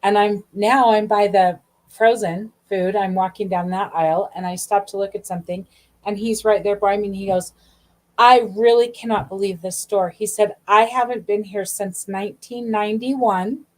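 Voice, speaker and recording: A middle-aged woman, host of a podcast, telling a personal story in a chatty, animated way, full of asides and acted-out dialogue. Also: medium pitch, moderate pace. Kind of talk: casual storytelling.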